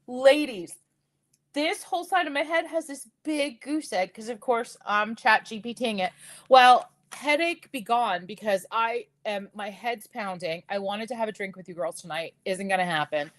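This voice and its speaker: A woman in her fifties hosting a live jewelry sales stream, telling stories in a lively, laughing way and talking straight to her viewers. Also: on the high side, moderate pace. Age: 50s. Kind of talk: chatty live-stream storytelling.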